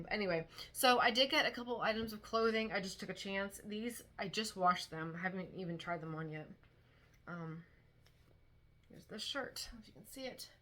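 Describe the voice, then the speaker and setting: A woman's voice: medium pitch, a bit bright. Chatty woman rambling through a thrift haul. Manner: chatty, rambling, frequent "like" and restarts. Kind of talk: casual chat. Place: home dining room.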